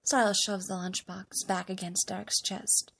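A woman reading fan fiction aloud, narrating with wry, expressive emphasis. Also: mid-range voice, normal speed, creaky, husky.

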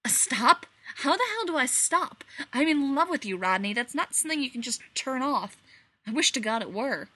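A woman's voice: high-pitched, big pitch swings, unhurried, pushed and bright, voice pushed up, exaggerated voice. A woman voicing a defensive adult male colonel who snaps and protests in rising, exasperated bursts. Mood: pleading.

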